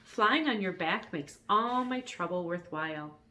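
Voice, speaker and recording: A woman reading a storybook aloud, voicing an eager nine-year-old boy in a high, bright voice. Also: animated, unhurried.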